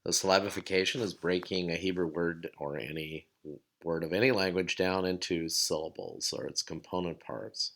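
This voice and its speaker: A man giving a recorded lesson, explaining steps calmly and sounding out words slowly. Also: deep voice. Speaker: teacher.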